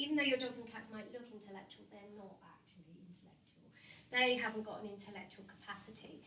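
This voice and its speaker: A woman's voice: fairly high pitch, a bit bright. A woman, a hypnotherapist, giving an informal talk to office staff. She is chatty, laughs often and asks the room questions. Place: company meeting room with a live audience. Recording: roomy and distant, faint background noise.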